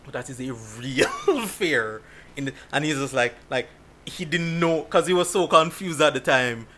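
A man in casual conversation, his voice bright and fairly high for a man. His pitch swings widely as he tells stories, and he laughs often. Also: normal speed, a little hiss or hum. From Jamaica. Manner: animated storytelling with frequent laughs. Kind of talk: casual chat.

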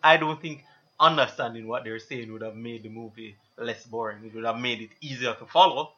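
A man's voice: medium pitch, a little fast, pushed and bright, lo-fi sound. A man in a casual movie review chat, giving blunt opinions with dry sarcasm.

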